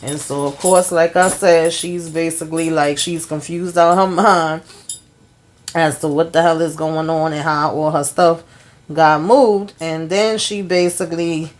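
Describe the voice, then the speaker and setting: A woman's voice: low voice, steady tone, unhurried. A woman hosting her own channel, chatting casually through an episode recap and retelling scenes with lots of "you know" and "she's like.". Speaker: TV show reviewer and channel host.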